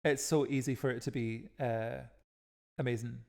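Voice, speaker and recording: A man co-hosting a relaxed podcast, his voice at an everyday middle pitch. He chats in a playful, encouraging way and likes to joke around. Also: moderate pace, creaky. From Scotland. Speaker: podcast co-host. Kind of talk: casual podcast chat.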